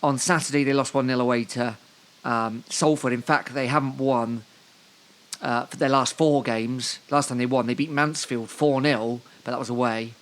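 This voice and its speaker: A man's voice: mid-range voice, steady tone, normal speed, fairly bright tone. Dry, joking man co-hosting a football podcast. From Devon, England. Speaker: podcast co-host. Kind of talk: casual football chat.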